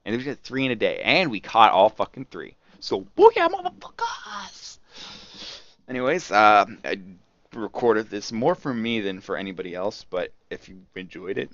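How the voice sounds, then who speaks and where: A man's voice: on the low side, normal speed, fairly bright tone, dry recording. A man who works store security, telling a story in a casual vlog, rambling and swearing, with lots of "like" and frequent laughter. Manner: rambling, profane, laughs a lot, full of "like". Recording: dull lo-fi dry recording.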